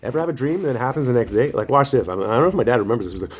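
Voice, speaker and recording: A man's voice: medium pitch, rapid-fire, breathy edge, dull audio. A man talking in a casual, rambling monologue, acting out quotes, swearing freely and laughing at himself. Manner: animated storytelling, acts out quotes, swears freely; self-deprecating, often apologizes and laughs at himself.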